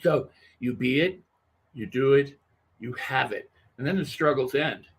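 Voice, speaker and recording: A man speaking as an interview guest, animated and emphatic, often repeating phrases for effect. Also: mid-range voice, a little slow, breathy edge. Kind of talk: conversational podcast interview.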